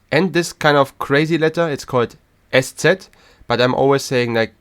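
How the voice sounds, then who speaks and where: A man's voice: mid-range voice, steady tone. Patient man teaching the alphabet. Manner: slow and patient, pausing between letters. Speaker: German teacher and podcast host. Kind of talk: language lesson.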